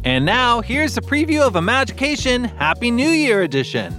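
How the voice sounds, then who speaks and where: A man's voice: very high voice, wildly swooping pitch, moderate pace, bright, forceful tone, soft background music. A man hosting a podcast, reading upbeat, scripted announcements. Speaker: podcast host.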